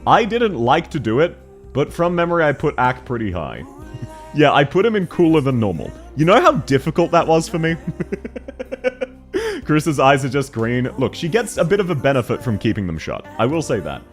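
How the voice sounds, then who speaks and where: A man's voice: on the high side, huge pitch swings, normal speed, faint music behind. An Australian man streaming and chatting casually, joking and laughing often with crude banter. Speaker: game streamer. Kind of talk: casual livestream chat.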